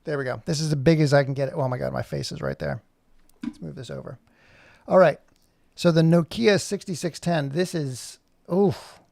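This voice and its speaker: An animator streams his work live, a man whose voice is fairly high and gravelly, rambling and thinking out loud at a moderate pace as he clicks through his software. He jokes and pokes fun at himself in casual chat. The audio is close and dry with no echo.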